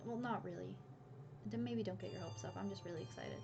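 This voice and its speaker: A young woman streaming games, chatting casually with her viewers, excitable and quick to swear, gasp and shriek. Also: medium pitch, vocal fry, lo-fi sound. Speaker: game streamer. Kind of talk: casual live-stream chat. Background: faint game music.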